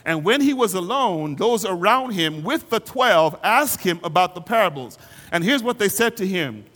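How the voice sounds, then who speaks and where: A male pastor preaching a sermon in a church, his delivery rising into fervent shouting. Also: high-pitched, lively intonation, normal speed, in a large hall.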